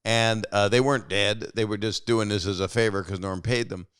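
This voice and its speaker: Older guy hosting call-in show, low smooth voice, rambly stories, dry sound. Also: fairly even intonation, normal speed, a bit bright, no echo. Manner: rambling, self-interrupting storyteller. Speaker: host. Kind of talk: casual chat with callers.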